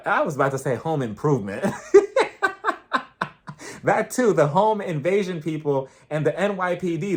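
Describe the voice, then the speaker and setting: A man recapping a TV episode in a casual vlog, animated and acting out scenes. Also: fairly high pitch. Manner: animated storytelling, acting out others, frequent laughter. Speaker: TV episode reviewer.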